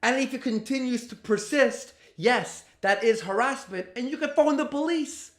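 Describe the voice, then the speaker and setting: A man's voice: very high-pitched, moderate pace. A man hosting a reaction commentary, ranting in an exasperated, profane, mocking way. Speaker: commentary host. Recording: roomy echo.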